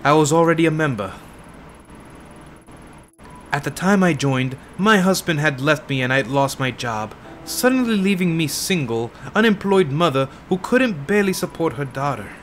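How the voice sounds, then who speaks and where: Man reading a grieving older woman in a game, tired husky voice, somber and slow. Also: a little high, animated, soft background music, close to an everyday voice. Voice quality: tired, husky put-on old lady voice. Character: weary older woman, grieving former cult member.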